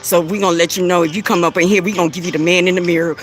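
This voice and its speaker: Laughing, taunting man, high voice. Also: fairly even intonation, rapid-fire, fairly bright tone, faint music behind. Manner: blunt, taunting, laughs often, repeats phrases. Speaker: live stream host giving spiritual readings. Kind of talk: casual live-stream talk addressing commenters.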